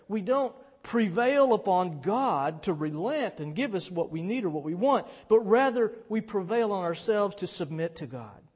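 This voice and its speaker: A man with a high voice preaches in a casual, talk-like manner. His voice rings with a long reverb, as in a large hall. Now and then he rises to a shout as he retells a story. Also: slightly rough. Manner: conversational preaching, bursts into shouts when retelling scenes. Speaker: pastor. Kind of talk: sermon.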